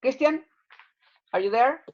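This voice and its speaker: A woman's voice: sits high, animated, measured pace, darkish tone, lo-fi sound. A woman teaching an English class over a video call, explaining patiently with plenty of fillers.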